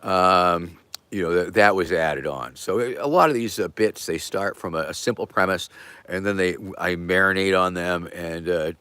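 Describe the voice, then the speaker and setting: A middle-aged man hosting a casual livestream, answering viewer questions in a rambling, halting way with many fillers and a playful joking humor. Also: low-pitched, bright, forceful tone, clean tone, dry recording. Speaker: host.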